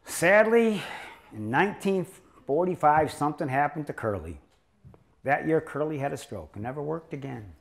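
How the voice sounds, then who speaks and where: An older man with a voice a bit higher than most men gives a lecture as a chiropractor. He jokes and rambles through his stories with a sarcastic edge. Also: lively intonation, normal speed, vocal fry. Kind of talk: humorous lecture storytelling.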